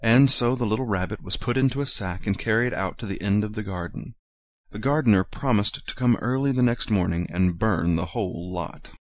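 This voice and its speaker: A man reads a children's story aloud in a fairly low, gentle and measured voice. The recording is dry and close, with no room sound. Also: no echo.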